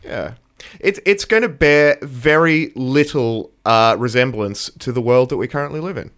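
A man's voice: medium pitch, moderate pace, a bit bright. A man co-hosting a casual podcast, reading out facts and laughing often. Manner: giggly, reads facts aloud, loses his place.

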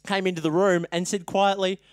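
A podcast co-host telling a story in casual chat, animated, laughing often and swearing freely. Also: mid-range voice, a little fast, no room sound, clean studio sound.

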